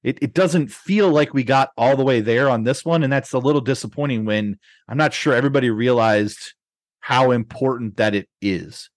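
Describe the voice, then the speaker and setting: A man's voice: medium pitch, normal speed, no room sound. A man hosting a podcast in casual chat, rambling with many restarts and fillers. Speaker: podcast host.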